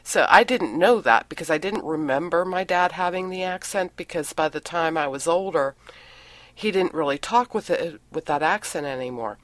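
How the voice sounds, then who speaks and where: A woman's voice: sits low, dry recording. A woman co-hosting a casual podcast, telling family stories in a chatty way and laughing often. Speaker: podcast co-host.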